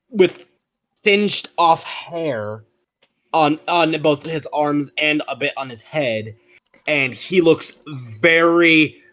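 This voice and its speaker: A man playing a tabletop game, slow and hesitant, with many uhs. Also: a little high, a bit bright. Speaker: player. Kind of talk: tabletop role-play chat.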